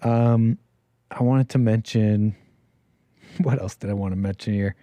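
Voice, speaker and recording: A man hosting a livestream call-in show, rambling and joking, getting loud and high when he hams up a story. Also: steady tone, a little slow, no room sound. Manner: jokey, rambling, swings loud and high for emphasis. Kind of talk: casual livestream talk.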